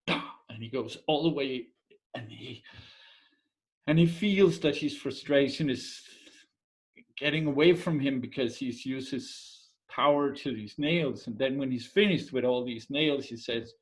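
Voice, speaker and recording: A man telling folk tales and their morals in a relaxed conversational way, often pausing to search for words and dropping into quiet asides. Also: mid-range voice, poor audio. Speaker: storyteller. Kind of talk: casual oral storytelling.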